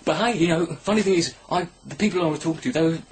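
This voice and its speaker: A man's voice: on the high side, quick pace, slight background noise. A man rambling through a crude, sarcastic comedy monologue, filming himself at home on his camera. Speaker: comedy vlogger. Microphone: camera mic.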